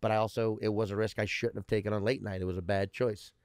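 Talking at a quick pace with little pitch movement, this man in his thirties tells rambling, expletive-heavy stories as a comedian guest in laid-back interview chat. His fairly low voice sounds clean, with no echo and studio-quality audio.

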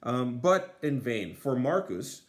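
A man's voice: medium pitch, big pitch swings, slow. A man Latin teacher translating a textbook aloud, with many fillers and dry asides.

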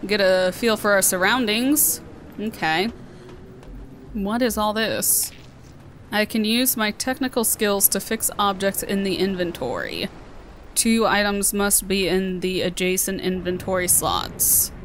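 A woman's voice: medium pitch, lively intonation, measured pace, fairly bright tone, a little hiss or hum. Chatty Southern American woman gamer. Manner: chatty, playful, talking to herself. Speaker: gaming video host. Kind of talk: let's play commentary.

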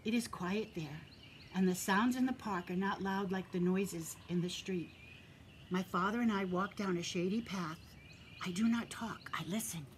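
A woman preschool teacher reading a picture book aloud to little children in an ordinary mid-pitched voice. Her manner is gentle and encouraging, and she now and then sinks into a hushed whisper. A faint hiss of noise sits under the voice. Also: normal speed. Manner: drops to a soft whisper for quiet moments; stops to point out real sounds around her.

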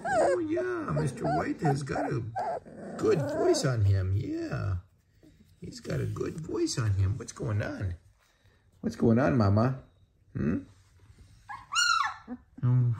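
Slow, gravelly man cooing at puppies. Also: mid-range voice. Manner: cooing baby talk to puppies, slow and drawn out. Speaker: dog breeder filming his puppies. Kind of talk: casual vlog narration. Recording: loud background noise. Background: puppies and dogs.

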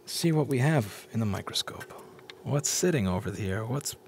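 Animated man explaining circuit repair. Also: lowish voice, moderate pace, slight background noise. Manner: keeps asking viewers rhetorical questions; explains step by step, repeats points. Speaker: board repair instructor. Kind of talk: casual technical walkthrough.

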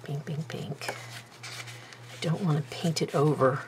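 Slow-talking woman crafting. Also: deep voice, fairly even intonation, a little hiss or hum. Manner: chatty, self-mocking, talks to herself while working. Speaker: craft video host. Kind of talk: casual crafting commentary. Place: craft table indoors.

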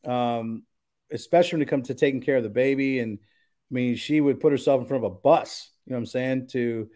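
A man of middling pitch speaks as a pastor in a relaxed podcast chat. He is earnest and emphatic, working his thoughts out aloud as he goes. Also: a little fast. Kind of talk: casual podcast conversation.

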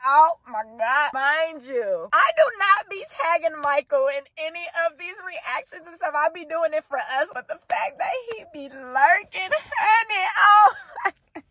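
A woman with a hoarse voice and speech, hosting a loud, expressive reaction video, squealing and cursing. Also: sits high, dry recording. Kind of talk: casual reaction commentary.

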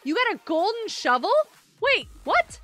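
A woman's voice: extremely high pitch, sing-song, measured pace, bright, forceful tone. A woman streamer chatting casually while playing a game live, giggly and greeting her viewers.

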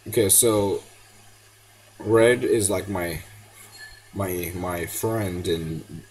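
A man's voice: low voice, drawn-out words, slight background noise, rough recording. A teenage boy giving casual gameplay commentary, yelping and pleading at the game and slipping into now and then. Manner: excitable, yelps and pleads at the game. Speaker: gamer.

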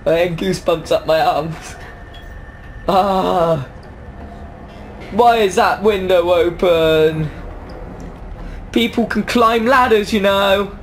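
A man's voice: sits high, slow, pauses often, slight background noise. Jumpy young man commenting on a horror game. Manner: jumpy, yelps and talks back at the game. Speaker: gaming YouTuber.

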